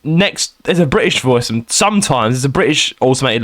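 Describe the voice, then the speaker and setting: Young man, podcast co-host, excitable storyteller, lively swooping pitch, dry close sound. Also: a little fast, no echo. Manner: excitable, animated storytelling with mock voices. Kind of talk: casual chat.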